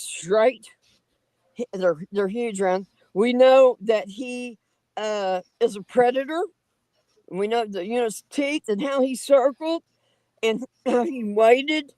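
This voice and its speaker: A woman telling her own encounter stories as a livestream guest, in a folksy, animated and dramatic way with rough grammar. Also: a little high, a little slow, no echo, poor audio. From Oklahoma. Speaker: guest storyteller on a paranormal livestream. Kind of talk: casual livestream storytelling.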